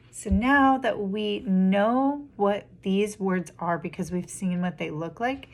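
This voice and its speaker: A young woman teaching a phonics lesson to small children, drawing out each word syllable by syllable in a sing-song way. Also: medium pitch. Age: young adult. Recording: clear background noise.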